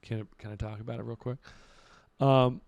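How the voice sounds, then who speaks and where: A man's voice: medium pitch, steady tone, moderate pace, creaky, darkish tone, no echo. A young man co-hosting a podcast, chatting casually about styling clients in a laid-back, rambling way with lots of fillers. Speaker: podcast co-host and celebrity stylist. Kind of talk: casual chat.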